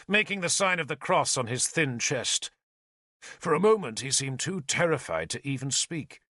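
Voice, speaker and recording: A man narrating an audiobook in an expressive storytelling manner. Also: on the high side, no room sound, clean studio sound.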